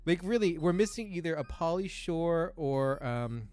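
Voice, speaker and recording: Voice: medium pitch, lively intonation, a little slow, a little mellow. A let's play host giving casual gameplay commentary in a rambling, hesitant way, swearing now and then.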